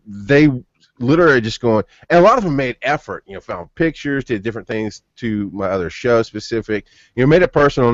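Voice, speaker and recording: On a dull, lo-fi podcast recording with no room sound, a thirties-aged male host rambles through long personal stories in casual conversation, restarting again and again. His voice sits on the low side.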